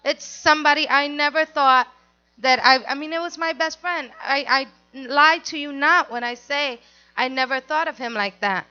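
A woman telling a candid personal story in an animated, confessional way, on a dull lo-fi recording. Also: high voice, normal speed.

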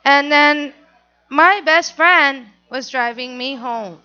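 A woman telling a candid personal story in an animated, confessional way, on a dull lo-fi recording. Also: sits high, slow pace.

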